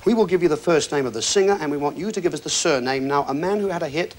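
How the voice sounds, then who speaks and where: Breezy, bantering quiz show host. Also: male voice, on the high side, very fast. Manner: breezy, joking patter with contestants. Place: television studio with audience.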